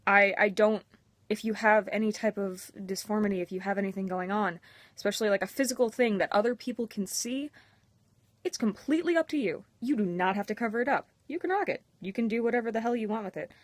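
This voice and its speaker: A woman's voice: mid-range voice, a little fast, dry recording. A young woman talking candidly and emotionally to her camera in a personal vlog, with a self-mocking edge. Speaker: vlogger.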